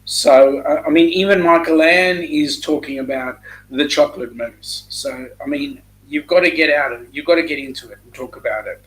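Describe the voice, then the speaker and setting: An Australian man hosts a casual live-stream chat, calling out to viewers by name. His voice sits a little higher than most men's, and he talks loosely with plenty of ums along the way. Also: normal speed, a bit bright, low-quality recording. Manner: chatty, greets viewers by name, lots of ums.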